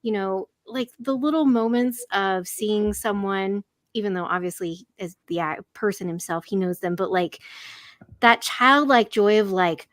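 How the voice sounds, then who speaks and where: A woman's voice: medium pitch, unhurried, no echo, clean studio sound. A woman chatting as a podcast guest, bubbly and rambling with many fillers. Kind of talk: casual group chat.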